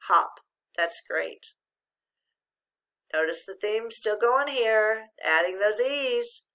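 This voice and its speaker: Patient middle-aged teacher lady doing phonics, raspy-ish bright voice, lots of praise. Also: medium pitch, lively intonation, slow. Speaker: reading teacher. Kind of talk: phonics lesson to a child.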